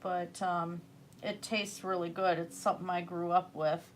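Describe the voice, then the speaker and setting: A woman's voice: lowish voice, little pitch movement, normal speed, slight background noise. A woman chatting casually while painting on a livestream, rambling and answering viewer comments. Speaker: livestreaming artist.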